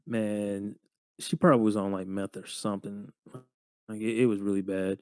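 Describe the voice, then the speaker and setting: A young man in his twenties, co-hosting a podcast, telling job stories in a casual, profane, animated way full of slang. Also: on the low side, normal speed, clean tone, no echo. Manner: slangy, profane, animated retelling with lots of "bro". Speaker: podcast co-host. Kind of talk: casual storytelling chat.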